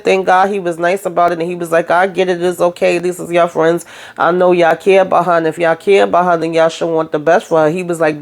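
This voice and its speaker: A woman's voice: on the low side, darkish tone. A woman hosting a reality TV recap, talking in a casual, blunt and sassy way and speaking straight to the cast members.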